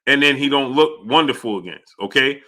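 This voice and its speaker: A man's voice: mid-range voice, fairly quick, pushed and bright. A man hosting a live boxing talk stream, talking emphatically with repeated fillers and frequent "you understand?". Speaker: sports talk show host.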